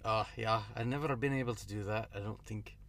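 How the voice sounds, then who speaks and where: With a lowish, fairly bright voice and a brisk pace, a man co-hosts a podcast in casual conversation. He wanders in his talk, often revising a thought partway through, and the recording has no echo.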